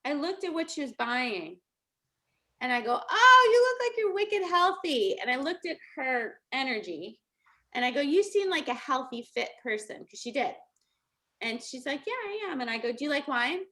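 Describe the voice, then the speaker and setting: Bright-voiced chatty New woman. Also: high voice, expressive, normal speed. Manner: chatty, laughing storytelling. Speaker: motivational coach. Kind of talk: casual motivational talk.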